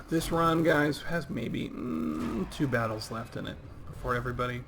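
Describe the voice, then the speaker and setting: A man's voice: on the high side, lively intonation, normal speed, gravelly, few pauses, fairly bright tone, slight background noise. A man in his thirties giving casual, rambling gameplay commentary on a livestream while chatting with viewers. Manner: rambling and chatty, reading out chat. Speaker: game streamer.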